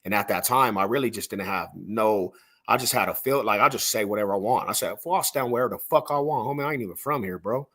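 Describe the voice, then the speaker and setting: Husky-voiced man telling street stories. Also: lowish voice, fast talker, fairly bright tone. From Denver, Colorado. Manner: slangy, rambling, peppered with "bro" and "homie". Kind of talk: casual podcast storytelling.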